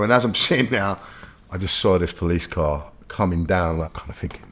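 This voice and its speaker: A low-pitched British man recounts his past in a relaxed, chatty way. He keeps checking in with quick asides and scatters fillers through his talk as the story rolls on. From Britain. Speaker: interview guest telling his own story. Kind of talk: casual storytelling.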